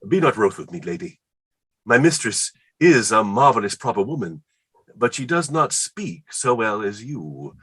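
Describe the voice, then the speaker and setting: A man reading the part of an excitable, word-smitten Elizabethan poet in a staged play reading, rhapsodic and quick to laugh. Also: lowish voice, slightly rough, exaggerated voice. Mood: rapturous.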